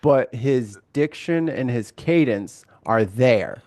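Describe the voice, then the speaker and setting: A man chatting casually on a panel, joking and animated. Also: mid-range voice, dry recording. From United States. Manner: animated, joking, quick asides.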